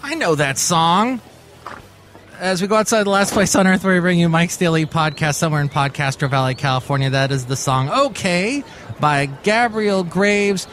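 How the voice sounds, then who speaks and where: A man's voice: high-pitched, moderate pace, a bit bright, faint music behind. A man hosting a comedic podcast, rambling in a playful, wry way. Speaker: podcast host.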